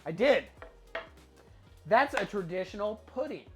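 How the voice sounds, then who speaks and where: A woman's voice: mid-range voice, expressive, unhurried. Woman cooking host, playful, narrates each step, light music under. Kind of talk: casual cooking stream chat.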